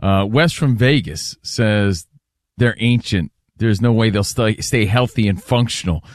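A man's voice: lowish voice, measured pace, dry recording, clean studio sound. A man hosting a sports talk show, running through a ranking list and reading listener comments. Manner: steers the segment, reads listener comments. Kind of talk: casual sports debate.

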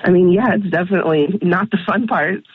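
Woman, on the phone, unsure, raspy, slow, dry lo-fi sound. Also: on the low side, no echo. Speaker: phone call recipient. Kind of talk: casual phone chat.

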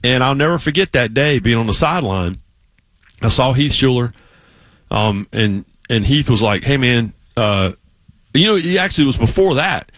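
A middle-aged man hosting a sports radio show, drifting through a long anecdote and circling back on himself. His voice sits at an ordinary pitch, recorded close and completely dry in a studio. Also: lively intonation, moderate pace, fairly bright tone, dry recording. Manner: rambling storyteller, many restarts. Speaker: radio sports talk host. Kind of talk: casual sports radio chat.

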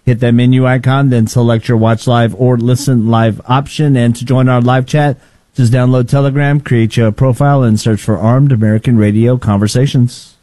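Flat-voiced laid-back male radio producer. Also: medium pitch, moderate pace, no room sound. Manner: laid-back, even delivery. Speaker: show producer. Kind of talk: casual chat and scripted announcements.

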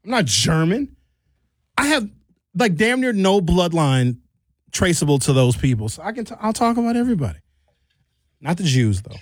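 A man's voice: sing-song, normal speed, pauses often, no room sound. Joking rambling man, dry studio sound. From Milwaukee, United States. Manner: rambling, joking, swings pitch for effect. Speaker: radio show host. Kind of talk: casual comedic studio chat. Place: radio studio.

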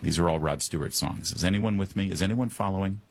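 A man's voice: deep voice, fast talker, gravelly, no echo. A man hosting a talk radio show, delivering a joking monologue full of wry asides and puns. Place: Washington, D.C. studio.

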